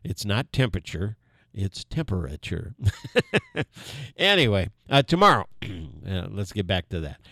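An older man hosting a radio show, his voice sitting a little low. He rambles in a folksy way, full of "uh" and side stories, close to a dry studio microphone. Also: sing-song, unhurried, creaky, long pauses, pushed and bright, no echo. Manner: rambling, many fillers, folksy asides. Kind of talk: casual on-air talk.

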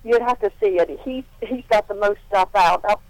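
A woman's voice: medium pitch, moderate pace, no echo, rough recording. A woman calling in to a local radio show, giving directions in a helpful, meandering way. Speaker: caller. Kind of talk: call-in chat.

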